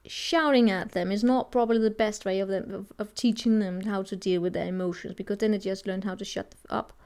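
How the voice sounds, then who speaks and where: A woman's voice: medium pitch, fairly even intonation, brisk, darkish tone, smooth. A woman giving a casual tarot reading, thinking aloud and rambling with many restarts. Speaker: tarot reader.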